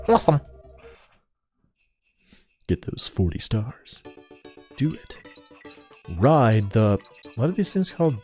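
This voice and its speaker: A man's voice: mid-range voice, very animated, slow, pauses often, darkish tone. A man casually commenting on a video game as he plays, rambling, joking and self-deprecating. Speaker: let's play host. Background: faint game music.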